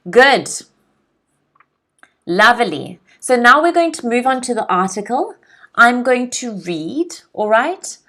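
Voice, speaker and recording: A woman's voice: a little high, very animated, pushed and bright. A woman from South Africa teaching English vocabulary, drilling pronunciation and checking in with learners. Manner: slow, clear pronunciation drills with frequent check-ins. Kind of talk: vocabulary lesson.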